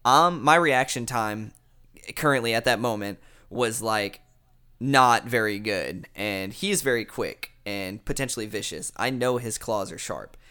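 A young man in casual podcast chat, telling a long story in a rambling, animated way with lots of fillers and swearing. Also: on the low side, a little slow, clear, resonant tone.

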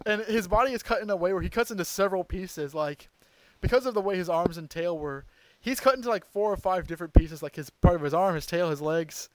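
A man hosting a podcast, recapping an episode in an excited, rambling way with lots of fillers and restarts. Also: fairly high pitch, clean tone, no echo, poor audio. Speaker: podcast host.

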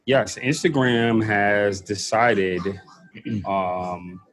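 A man hosting a casual chat, relaxed and working through the topic list. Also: fairly low pitch, very slow, a little hiss or hum. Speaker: podcast host.

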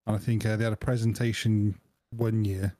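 A man's voice: lowish voice, level tone, dark tone, dry recording, clean studio sound. A man in his forties co-hosting a podcast, chipping in with teasing quips and questions. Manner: quick teasing asides and questions. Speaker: podcast co-host. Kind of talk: casual chat.

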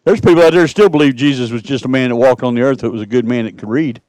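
A man preaching a sermon as pastor, climbing to loud passionate cries and then dropping to a soft, hushed plea. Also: mid-range voice, racing, no room sound, poor audio.

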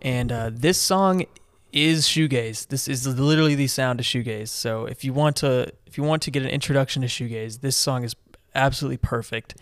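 A man's voice: medium pitch, a little fast, clean tone, no echo. Enthusiastic man gushing on a podcast. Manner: enthusiastic, rambling with restarts and fillers. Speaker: podcast co-host. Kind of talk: casual music discussion.

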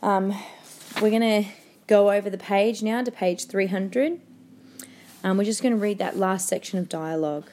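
A woman teacher talks her class through a novel in a mellow, warm voice. She speaks hesitantly, filling pauses with ums and restarting her sentences. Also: medium pitch. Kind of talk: reading aloud and discussing a novel in class.

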